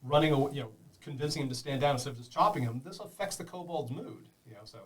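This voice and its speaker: Fast-talking, animated male game master. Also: fairly high pitch, far from the mic. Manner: animated, laughing, sound effects. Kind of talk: running a tabletop game for beginners.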